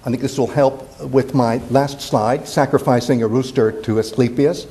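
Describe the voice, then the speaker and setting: A man's voice: medium pitch, steady tone, normal speed, dark tone. An older man from Indiana giving a playful, digressive classics lecture at a symposium, full of fillers and restarts. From Indiana, USA. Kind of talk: symposium talk.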